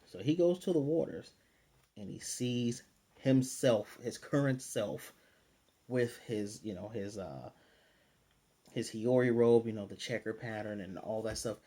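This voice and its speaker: In an unhurried, dark, mid-range voice, a man gives a conversational review and recap of an anime episode. He paraphrases character lines loosely while retelling scenes, packing in fillers and restarting often.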